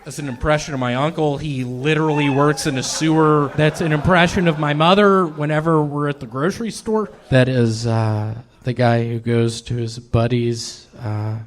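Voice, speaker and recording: A man doing stand-up comedy, introducing a string of impressions in a flat, repetitive, deadpan way. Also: on the high side, normal speed.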